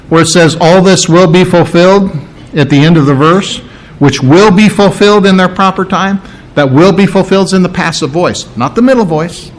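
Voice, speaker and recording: A man preaching a sermon in a lively, conversational way, with emphatic repetition and joking asides. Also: on the high side, rough recording.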